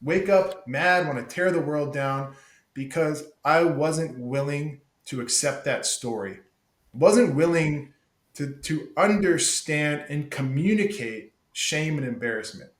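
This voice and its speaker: Man, podcast guest, emphatic, profane, slightly high pitch, roomy echo. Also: slow pace. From United States. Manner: profane, emphatic, says "dude" a lot. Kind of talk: casual candid conversation.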